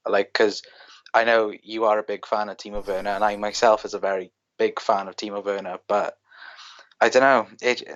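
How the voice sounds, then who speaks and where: A man with a Welsh accent from South Wales, co-hosting a casual chat and giving quick opinions with lots of "like". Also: on the low side, a bit bright, highs cut off. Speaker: co-host.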